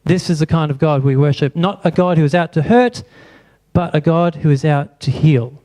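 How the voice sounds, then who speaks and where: Brief: male pastor, fairly high voice, preaching and quizzing the congregation in church. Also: normal speed, a little mellow. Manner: asks the congregation many rhetorical questions. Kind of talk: sermon.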